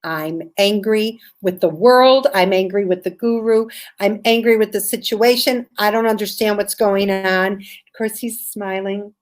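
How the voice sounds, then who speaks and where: An American woman telling a personal story in an animated way, acting out the voices of the people she quotes. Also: mid-range voice, unhurried. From USA. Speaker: storyteller guest.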